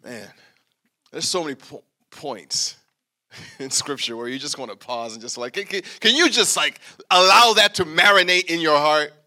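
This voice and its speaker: A male preacher delivering a sermon in an animated, emphatic way, repeating phrases for effect. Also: on the high side, normal speed.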